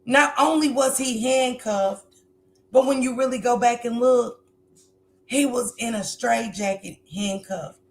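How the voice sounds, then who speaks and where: Slow-talking woman hosting a livestream. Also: medium pitch, a little hiss or hum. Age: adult with a grown son. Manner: emotional, preaching, talks to viewers directly. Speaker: livestream host. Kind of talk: casual livestream commentary.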